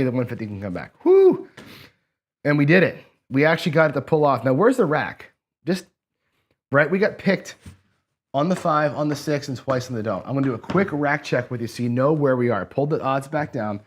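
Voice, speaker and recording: Slightly rough and a little fast, this mid-range male voice belongs to a craps strategy host giving casual play-along commentary. Facing the camera, he rolls dice, tallies payouts aloud, and erupts excitedly when a roll pays off.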